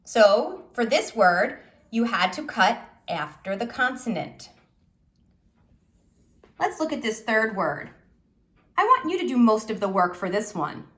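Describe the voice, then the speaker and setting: A woman teacher giving a slow, patient phonics lesson to children, asking them questions as she goes. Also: fairly high pitch, sing-song, a bit bright.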